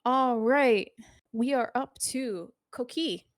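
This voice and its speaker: A woman's voice: a little high, slow pace. A woman narrating a tabletop game as game master, descriptive and easygoing.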